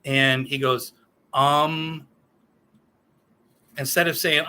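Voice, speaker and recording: A man's voice: on the high side, animated, normal speed, pushed and bright. A man in his fifties giving a solo political rant, profane, sarcastic and heated. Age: 50s. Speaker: political commentator.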